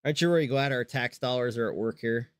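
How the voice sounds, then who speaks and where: A man's voice: mid-range voice, quick pace, clean tone, no echo, clean studio sound. A man streaming who chats casually, rambling and swearing, often restarting his sentences. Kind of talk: casual chat.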